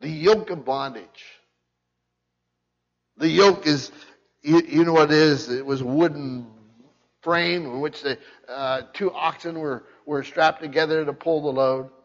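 A man with a fairly high voice preaches an expository sermon, leaning hard on key phrases and repeating them. His voice carries a long reverb from a church sanctuary. The recording sounds muffled and lo-fi. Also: measured pace. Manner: emphatic, repeats key phrases, frequent restarts. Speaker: pastor.

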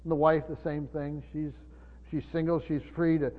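High-voiced preacher guy teaching scripture, stops and repeats himself a lot, tinny phone-like sound w long echo. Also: flat delivery. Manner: halting, repeats words, asks the room questions. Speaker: pastor. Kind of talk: Bible study sermon.

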